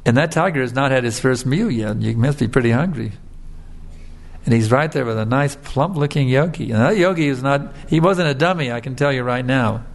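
A man giving a sermon, telling a fable in a relaxed, conversational way with frequent filler tags. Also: mid-range voice, brisk. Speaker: preacher. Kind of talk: sermon with storytelling.

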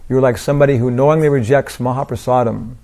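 An older man giving an informal devotional talk, rambling through anecdotes with lots of "you know" and soft laughs. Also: mid-range voice, fairly even intonation, fast talker. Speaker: preacher.

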